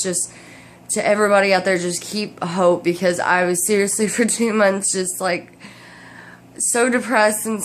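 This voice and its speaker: A woman's voice: medium pitch, a little hiss or hum. A tired woman, chatting casually in a vlog update, rambling with many restarts. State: tired, drowsy from medication. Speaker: vlogger. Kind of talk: casual personal update to camera.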